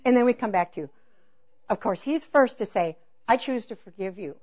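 A woman preaching a sermon through personal stories, acting out dialogue with laughter, then dropping to a soft, intense hush on key points. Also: mid-range voice, expressive, normal speed, dull audio.

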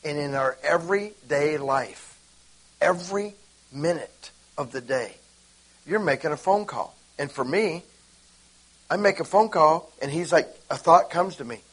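A man preaching an informal sermon, animated and acting out conversations with God. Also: fairly high pitch, a little slow, breathy edge, rough recording.

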